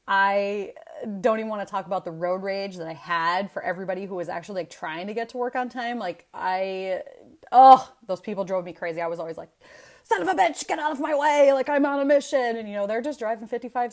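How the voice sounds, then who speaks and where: A woman, giving a casual motivational talk in an animated, chatty way, swearing freely and saying "like" a lot. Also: medium pitch. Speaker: motivational vlogger.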